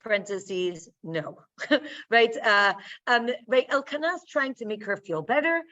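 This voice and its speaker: Woman Torah teacher, higher voice, unhurried lecture, mic set back, lo-fi sound. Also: lively intonation, sharp tone. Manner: slow, explaining, tags lines with "right?". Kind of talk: text-study lecture. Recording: distant, dull lo-fi recording.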